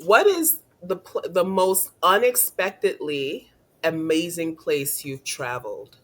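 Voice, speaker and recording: A woman's voice: lowish voice, animated, takes it slowly. A woman career coach hosting a casual interview, upbeat and chatty, laughing often.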